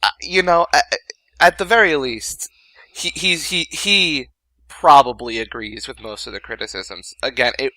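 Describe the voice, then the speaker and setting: A young man chatting on a movie commentary, halting and stammering through his points. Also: mid-range voice, pushed and bright, no room sound, poor audio. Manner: halting, stammers and restarts, laughs at himself. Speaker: commentary co-host. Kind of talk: casual movie commentary chat.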